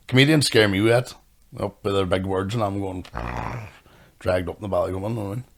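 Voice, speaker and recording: A Northern Irish man trades quick, crude jokes as a podcast co-host. His talk is loose and casual, full of swearing and laughter. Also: sits low. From Northern Ireland. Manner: sweary, fast, joking banter. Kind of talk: casual chat.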